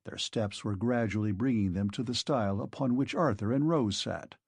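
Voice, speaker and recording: A man narrating an audiobook in a measured, expressive manner. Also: on the low side, husky, no room sound, studio quality. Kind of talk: scripted narration.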